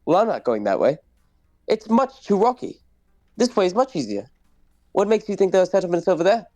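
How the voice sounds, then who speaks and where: A man's voice: high voice, very animated, fairly quick, noisy background, voice pushed up. A man voicing a fussy, anxious male protocol robot who frets, complains and speaks primly. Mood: indignant. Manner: prim, fretful, complaining.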